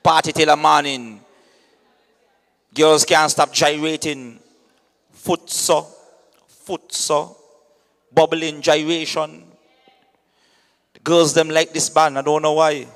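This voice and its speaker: A man who hosts an event, hyping the acts in a lively, chatty way and often saying "understand me". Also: a little high, slow pace, long pauses. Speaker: event host. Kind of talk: hyping announcements at a media launch. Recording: long reverb in a hall.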